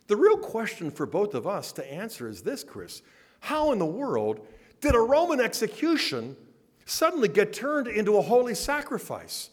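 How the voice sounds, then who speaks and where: A man giving a lecture, telling a story with lively dialogue and acting out both sides of a conversation. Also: high voice. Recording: long hall reverb.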